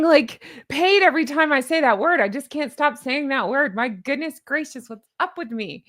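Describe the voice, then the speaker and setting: A woman's voice: high voice, moderate pace, few pauses, bright, forceful tone. A woman vlogger with a slight Southern American accent, rambling chattily and teasing herself with giggles. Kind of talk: casual chat to camera.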